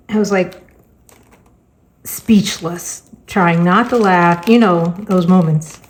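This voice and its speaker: A middle-aged woman chats casually while she crafts, telling family stories with a dry, sarcastic, deadpan wit. Her voice sits at an ordinary pitch, and faint crinkling of packaging is heard behind her. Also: takes it slowly, slight background noise. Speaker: crafting vlogger and teacher.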